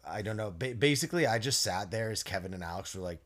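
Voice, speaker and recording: A man's voice: on the low side, lively intonation, fast talker, fairly bright tone. A man co-hosting a podcast, telling rambling, joking stories and correcting himself as he goes. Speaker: podcast co-host. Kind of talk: casual chat.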